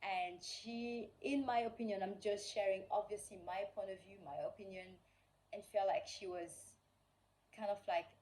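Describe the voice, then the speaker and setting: A woman vlogger casually tells a personal story in a rambling way, leaning heavily on fillers like "like" and "you know" and acting out the quoted dialogue. Her mid-range voice is fairly even in intonation, moderately paced, and a little mellow. The low-quality recording carries a slight hiss or hum.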